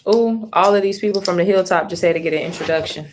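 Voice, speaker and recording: A woman reading a comic live on stream, reacting excitedly, swearing and calling out to her viewers. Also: on the low side, fast, slight background noise. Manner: excitable, exclaiming, swears freely, talks to viewers as y'all; reads comic dialogue aloud between reactions.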